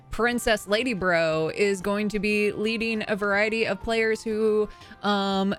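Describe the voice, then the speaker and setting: A woman's voice: mid-range voice, fairly bright tone. A woman hosting a tabletop game livestream, giving casual announcements with lots of fillers and laughter. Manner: chatty, filler-heavy, laughing often. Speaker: stream host.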